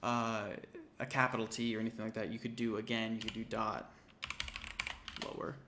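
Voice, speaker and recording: Keyboard clicks and a noisy background accompany a man's lowish, flat voice at a moderate pace. He's tutoring an intro programming class through a screen-recorded coding walkthrough, thinking aloud casually and correcting himself as he types.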